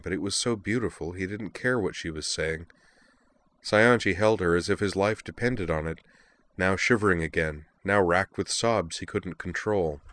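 A man reading a work of fiction aloud, narrating in a calm, steady storytelling voice. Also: low voice.

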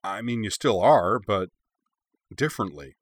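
A man's voice: fairly low pitch, big pitch swings, a little slow, no echo. A man reading aloud, voicing an awkwardly sincere young man.

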